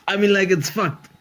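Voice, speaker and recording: Man, comedy podcast host, profane, animated, laughs often, fairly high pitch. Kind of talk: comedic monologue.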